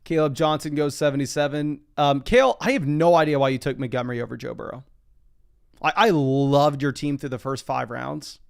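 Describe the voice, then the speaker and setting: A young man talks through a live stream from his desk in a loose, chatty way, reading viewer comments aloud as he goes. His voice sits a little high and carries a steady gravelly fry. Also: brisk. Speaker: fantasy football live streamer. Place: home desk.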